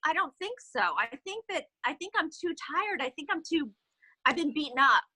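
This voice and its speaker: A woman's voice: high voice, animated, normal speed, bright, forceful tone, exaggerated voice. A woman voicing a discouraged, stammering young male writer as she tells a story on a video call. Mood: defeated. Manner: stammering, self-doubting.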